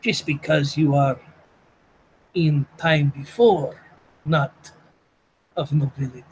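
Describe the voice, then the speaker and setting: A man voicing a grandiose, pompous male vampire zealot in a tabletop game, speaking formally and slowly. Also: fairly high pitch, slight background noise, poor audio.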